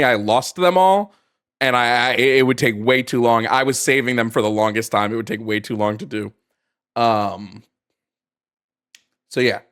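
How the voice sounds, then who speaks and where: A man's voice: a little high, fairly bright tone, smooth. Chatty male live-stream host. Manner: loose and chatty, lots of ums and restarts. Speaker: host of a call-in debate stream. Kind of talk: casual live-stream talk.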